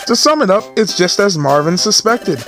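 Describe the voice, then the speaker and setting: A man's voice: high voice, very animated, moderate pace, fairly bright tone, soft background music, voice pushed up. A man voicing a fussy, pompous male bird who serves as a guild assistant, talking in a prim, officious, lecturing way.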